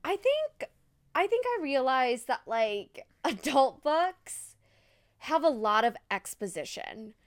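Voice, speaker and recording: A woman's voice: high-pitched, big pitch swings, takes it slowly. Bubbly young woman cohost, voice bounces up and down a lot, says like constantly. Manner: bubbly, uses lots of fillers like "like" and "literally". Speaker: podcast co-host. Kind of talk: casual chat.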